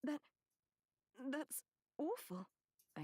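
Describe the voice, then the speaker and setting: A woman reading a first-person novel as an audiobook narrator, measured and expressive. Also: medium pitch, dry recording, clean studio sound.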